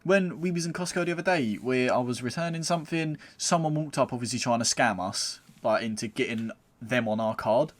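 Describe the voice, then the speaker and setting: A man's voice: mid-range voice, fairly quick, hardly any pauses. A man, co-hosting a podcast and telling blunt, sweary anecdotes. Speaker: podcast co-host. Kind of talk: casual chat.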